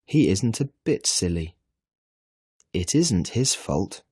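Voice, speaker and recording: A man's voice: low-pitched, very animated, slow, a little mellow, husky, dry recording, clean studio sound, heavily acted. A man reading a storybook, voicing a fond, protective mother. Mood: indignant.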